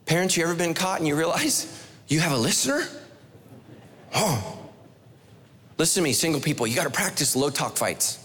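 A male pastor delivering an energetic sermon in a large church auditorium. His voice sits high and swings widely as he pelts the congregation with rhetorical questions and playful asides. A long reverb trails every phrase. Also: moderate pace, long pauses. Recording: long echoey hall reverb.

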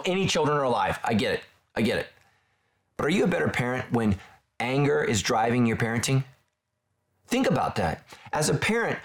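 In a mid-range voice, a middle-aged male pastor preaches a sermon. His delivery is conversational and animated, packed with rhetorical questions.

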